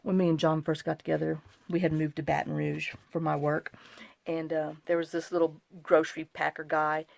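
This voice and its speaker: A woman's voice: low-pitched, flat delivery, normal speed, vocal fry, a little mellow. A woman, rambling and apologizing as she shows off a craft journaling project in a casual tutorial vlog, wired on too much caffeine. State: overcaffeinated. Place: home craft desk.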